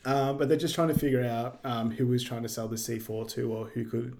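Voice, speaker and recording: A young man co-hosting a podcast, casually retelling a film's scenes with many pauses. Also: mid-range voice, flat delivery, dark tone. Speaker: podcast co-host. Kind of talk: casual movie recap chat.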